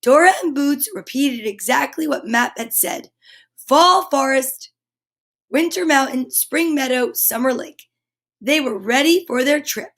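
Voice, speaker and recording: A woman reads a children's picture book aloud in an animated, chatty way, stopping for small asides to her listeners. Her voice is high-pitched and a little slow.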